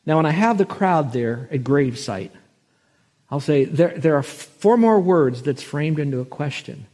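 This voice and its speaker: A man pastor preaching a sermon, telling a story and slowing down to stress scripture. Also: fairly high pitch, expressive, mellow. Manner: storytelling, slows and swells for emphasis on scripture.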